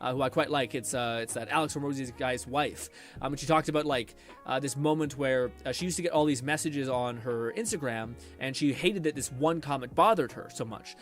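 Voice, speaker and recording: A man's voice: medium pitch, a little fast, hardly any pauses, soft background music. A man streamer chatting casually with his stream chat and answering comments in a rambling way, full of fillers and restarts.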